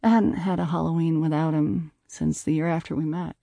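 Gravelly, mellow-toned male narrator. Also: a little high, level tone, brisk, no echo. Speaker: audiobook narrator. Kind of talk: first-person audiobook narration.

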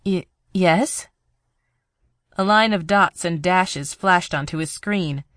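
A narrator reading a tense thriller audiobook in a steady storytelling voice, recorded on a close mic. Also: mid-range voice, measured pace, dry recording.

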